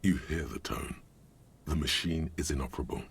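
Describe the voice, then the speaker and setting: Omniscient game narrator, extremely deep and gravelly, faint music behind. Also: male voice, background noise. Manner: measured, dry.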